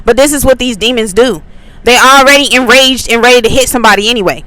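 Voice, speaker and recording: A woman's voice: on the high side, quick pace, pushed and bright, no echo, rough recording. A woman from Atlanta tells a faith story in a chatty way, with many likes and ums. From Atlanta, USA. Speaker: faith channel host. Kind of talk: casual spiritual testimony.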